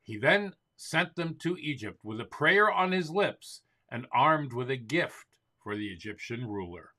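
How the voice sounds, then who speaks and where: A man hosting a show, reading a summary in a steady, clear manner. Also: medium pitch, unhurried. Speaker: host.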